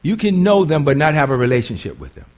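A man's voice: a little high, wildly swooping pitch, fast talker, darkish tone. A man preaching a sermon in a conversational way, quizzing the congregation and often repeating his words.

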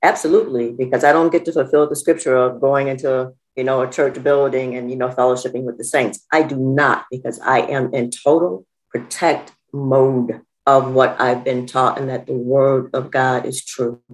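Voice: medium pitch, fairly even intonation, normal speed, hardly any pauses, low-quality recording. A church member giving an earnest testimony to the pastor over a video call, with some fillers.

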